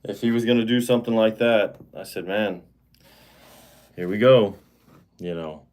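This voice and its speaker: A man with a fairly low voice hosts a casual livestream. He rambles, fills his talk with fillers and restarts, and turns heated and indignant as he goes. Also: moderate pace, a little mellow. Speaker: live-stream host.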